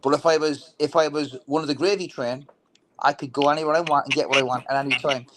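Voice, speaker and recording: A man with a slightly high voice speaks bluntly and heatedly about politics, cursing and stumbling into repeated restarts. A faint hiss of noise sits under the recording. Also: fairly even intonation, quick pace. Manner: blunt, repetitive, swears, many restarts. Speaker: veteran political talk show guest.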